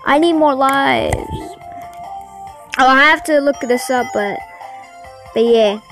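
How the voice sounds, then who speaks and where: High-voiced, easily frustrated woman gamer. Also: measured pace, long pauses, faint music behind, low-quality recording. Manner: excitable, easily frustrated, talks to viewers. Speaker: gaming channel host. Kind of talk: let's-play commentary.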